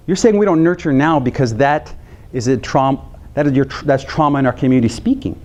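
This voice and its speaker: In a brisk, medium-pitched voice on dull-sounding audio, an American man who is a health psychologist trains counselors in an animated lecture. He keeps repeating key phrases to stress them and cracks jokes with the crowd.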